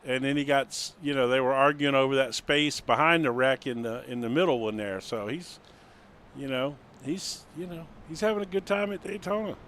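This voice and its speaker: A man's voice: medium pitch, moderate pace, fairly bright tone, slight background noise. A middle-aged man doing color commentary for a sim race, easygoing and rambling with many fillers.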